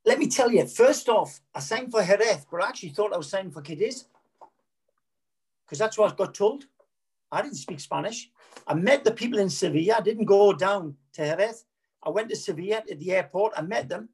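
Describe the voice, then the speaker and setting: A man's voice: high-pitched, lively intonation, a little fast, a little mellow, breathy edge. A middle-aged man, a former footballer, frankly telling rambling anecdotes in an interview, often correcting himself and repeating words. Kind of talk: candid anecdotal storytelling.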